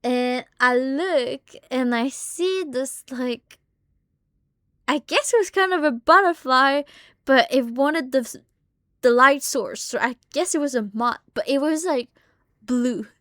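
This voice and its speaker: A young woman streamer tells a story with a high, lively voice. She swears freely and her voice jumps up when she acts out the scene. The sound is close and dry, with no room echo. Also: takes it slowly. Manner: animated, swears a lot, shrieks in retold moments. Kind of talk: casual live-stream storytelling.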